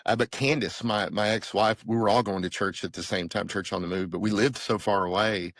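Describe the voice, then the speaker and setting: A man's voice: fairly quick, dry recording. A middle-aged man, telling his faith story earnestly as a podcast guest and acting out the dialogue he recalls. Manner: earnest storytelling, acting out quoted dialogue with lively pitch jumps. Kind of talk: personal testimony in conversation.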